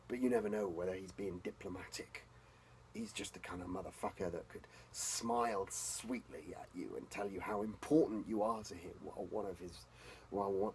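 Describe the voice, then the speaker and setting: A man speaking an in-character role-play journal as a vampire, intense and profane, often dropping to a hushed whisper. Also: low-pitched, slight background noise, low-quality recording. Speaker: tabletop role-player.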